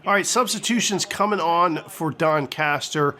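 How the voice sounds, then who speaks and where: High-voiced excitable male game commentator. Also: normal speed. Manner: excitable, crude jokes, shouts on big plays. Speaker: gaming commentator. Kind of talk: comedic play-by-play game commentary.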